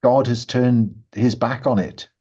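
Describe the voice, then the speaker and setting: A man voicing a timid, frightened female servant in a tabletop game; she stammers, repeats her words and keeps her voice hushed. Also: medium pitch, fairly even intonation, unhurried, husky. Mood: nervous. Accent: Saxon-accented, as a stranger in the village. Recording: dull lo-fi sound.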